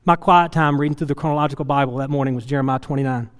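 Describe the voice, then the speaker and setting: A middle-aged man preaching a sermon, telling a personal story in an earnest way that swings from loud to hushed and tearful. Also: mid-range voice, fairly even intonation, racing, clean tone, in a large hall. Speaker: pastor.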